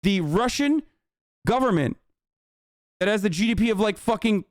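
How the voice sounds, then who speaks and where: A man's voice: high voice, animated, moderate pace, no room sound, clean studio sound. A man hosting a livestream and giving heated political commentary in a combative, profane rant. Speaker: livestream host.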